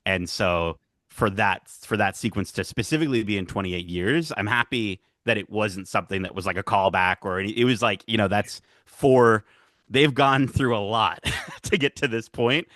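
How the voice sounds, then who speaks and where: Excitable low-voiced man rambling on a podcast. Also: normal speed, no echo, studio quality. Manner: rambling and excitable, laughs often. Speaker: podcast guest. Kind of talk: casual podcast chat.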